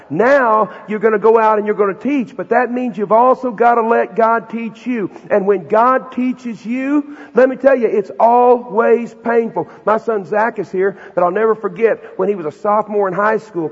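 A middle-aged man preaches in a high, husky voice, telling folksy stories with emphatic punchlines. His sermon rings with long reverb through a large hall, and the recording sounds dull and muffled. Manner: folksy, emphatic storyteller who builds to loud punchlines. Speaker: preacher and Bible professor.

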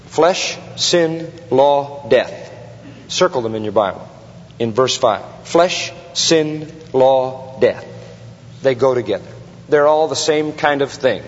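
A man preaches a sermon in a slow, deliberate cadence, hammering key words through repetition and tossing questions out to the congregation. His voice sits a little high for a man. The sound carries a long hall reverb and has a dull, lo-fi quality. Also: breathy edge. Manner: emphatic, rhetorical questions to the congregation, heavy repetition. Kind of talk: expository sermon.

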